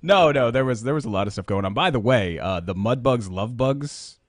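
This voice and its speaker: A man's voice: medium pitch, expressive, normal speed, no room sound, studio quality. A male radio co-host making wry asides and explaining research in casual chat on air. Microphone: studio microphone.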